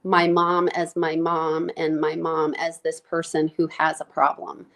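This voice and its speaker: A woman nurse practitioner speaking candidly in an interview, reflective and halting, with many fillers and restarts, close to tears as she talks. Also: low voice, completely flat delivery, creaky, a bit bright.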